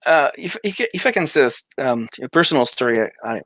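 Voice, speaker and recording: A man's voice: mid-range voice, lively intonation, quick pace, a bit bright, no echo. A man from France with a French accent, an indie game developer chatting in an interview, hesitant with many restarts and laughter. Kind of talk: casual interview chat.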